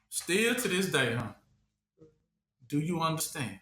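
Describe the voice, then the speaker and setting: A man preaches in a loose, repetitive way, leaving questions hanging for his listeners to complete. His voice sits high and sounds bright and sharp. The recording carries a roomy echo. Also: lively intonation, measured pace, pauses often. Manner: asks rhetorical questions for the listeners to finish. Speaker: Bible teacher. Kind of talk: call-and-response Bible teaching.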